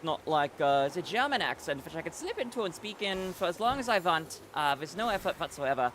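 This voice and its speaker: Male game streamer, casual live chat to viewers, slightly raised pitch, lots of ums and restarts. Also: big pitch swings, a little fast, a bit bright, a little hiss or hum. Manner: chatty, reads chat aloud, many fillers and restarts.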